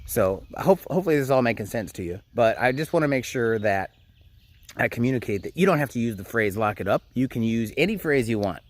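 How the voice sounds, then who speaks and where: A man's voice: medium pitch, lively intonation, quick pace. A man in his thirties giving casual parenting advice to camera, frank and conversational, with frequent hesitations. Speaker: parenting coach.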